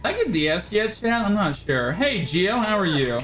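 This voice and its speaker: Excitable swearing woman streamer, lively pitch. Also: moderate pace, noisy background. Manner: excitable, swears, trash-talks opponents, thanks viewers. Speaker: game streamer. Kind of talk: live gameplay streaming commentary. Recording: game music playing underneath. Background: game music.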